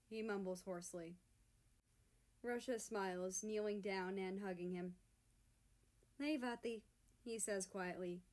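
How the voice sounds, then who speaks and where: Woman, story narrator, audiobook reading, slow pace, soft, unhurried. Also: medium pitch. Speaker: fan fiction reader.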